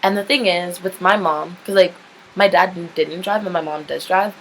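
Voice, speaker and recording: A woman's voice: fairly low pitch, steady tone, normal speed, slight background noise, rough recording. A young woman vlogger telling a story in a casual, rambling way, saying "like" constantly and swearing freely. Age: young adult. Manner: chatty, rambling, heavy use of "like", candid swearing.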